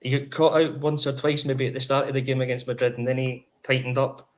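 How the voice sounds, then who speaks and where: A man's voice: medium pitch, level tone. A man, co-hosting a casual football podcast, chatty and opinionated. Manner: chatty, opinionated, fast-flowing. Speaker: podcast co-host.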